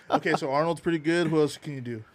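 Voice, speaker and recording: A man hosting a casual podcast chat, joking, cursing and firing off quick questions. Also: a little high. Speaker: podcast host.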